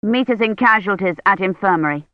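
A woman voicing a brisk, commanding female doctor who gives curt orders. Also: medium pitch, expressive, no echo, lightly acted. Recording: dull lo-fi recording.

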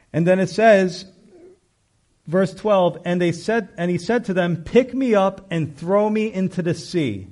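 A man's voice: high-pitched, a little mellow. A man preaching a sermon, reading scripture and acting out bits of dialogue in a conversational way. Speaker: pastor.

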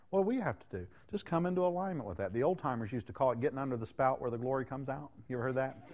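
A man's voice: medium pitch, animated, rapid-fire. A man in his thirties preaching a sermon in a folksy, conversational way, throwing questions out to the congregation. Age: 30s.

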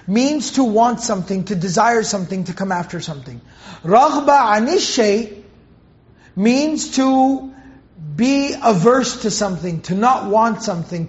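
High-voiced man explaining scripture earnestly. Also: muffled recording. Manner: earnest, emphatic, repeats phrases for stress. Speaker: Quran teacher. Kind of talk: explaining Quranic verses.

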